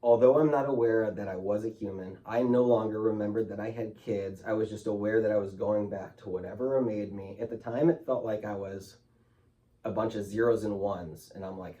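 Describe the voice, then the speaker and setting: A man's voice: lowish voice, steady tone, moderate pace, warm tone, far from the mic. A man speaking as a guest in an interview, telling his story candidly and emotionally, loose with fillers like "like" and "you know".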